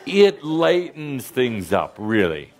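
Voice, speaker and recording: A man's voice: medium pitch, sing-song, takes it slowly. A man giving a playful spiritual talk to a live audience, teasing, joking and leading them in call-and-response. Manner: teasing, joking, often laughing mid-phrase.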